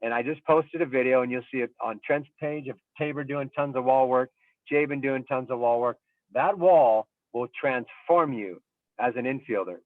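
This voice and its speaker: A man of middling pitch talks through coaching ideas in an easygoing, reflective way, often pausing on an um. His voice comes over a thin, phone-like video call line with no room sound at all. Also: no echo. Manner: thoughtful, explains with everyday examples and frequent ums. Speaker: baseball coach and scout. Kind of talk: casual panel discussion. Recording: tinny phone-like line, dry.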